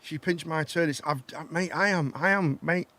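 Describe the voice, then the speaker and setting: A man's voice: fairly high pitch, moderate pace, bright, forceful tone. A man hosting a casual live chat stream from a home studio, joking around, reading the chat aloud and tripping over his words.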